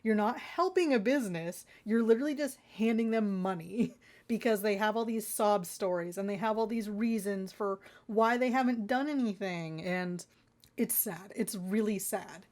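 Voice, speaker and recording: A woman's voice: medium pitch, normal speed, a little mellow. A woman vlogger ranting in an exasperated, rambling way, talking straight to her viewers. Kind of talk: ranting consumer-warning vlog.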